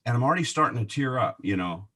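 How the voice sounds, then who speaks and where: A man telling a personal faith story in conversation, animated and laughing often, with many restarts. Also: medium pitch, fast, slightly rough. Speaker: guest.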